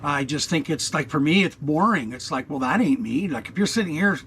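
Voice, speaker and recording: A man's voice: a little high, lively intonation, fairly quick, a bit bright, slight background noise. A man in his sixties, rambling bluntly and profanely through an unscripted vlog in his RV, with lots of fillers, recorded on an action camera. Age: 60s. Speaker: vlogger. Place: inside his RV.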